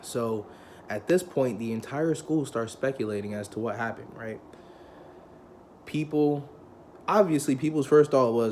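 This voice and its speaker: A young man recounts his own story in a loose, conversational way, full of slang and profanity. His pitch sits in an ordinary middle range, and he breaks into animated impressions of the people he quotes. A faint hiss of ambient noise sits under his voice. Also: moderate pace. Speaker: vlogger telling a personal story. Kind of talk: casual storytelling.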